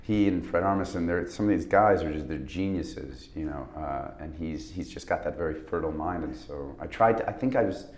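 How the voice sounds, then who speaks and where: A man in a casual interview, talking about his acting work in a halting, rambling way with many restarts. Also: extremely low pitch, darkish tone, roomy sound, a little hiss or hum. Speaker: actor guest.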